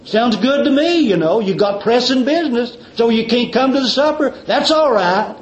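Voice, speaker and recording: A preacher playing a mild messenger servant. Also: male voice, extremely high pitch, animated, normal speed, echoey room. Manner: accommodating, mild. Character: agreeable male servant delivering messages. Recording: dull lo-fi recording.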